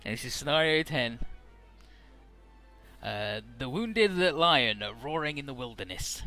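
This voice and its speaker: A man's voice: mid-range voice, animated, unhurried, pushed and bright, soft background music. A man giving rambling, casual gameplay commentary, paraphrasing the characters and swearing freely. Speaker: let's play commentator.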